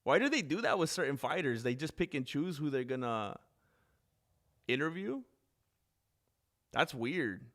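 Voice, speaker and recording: A man casually commentating a live fight stream, chatty and rambling, quick to get excited. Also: a little high.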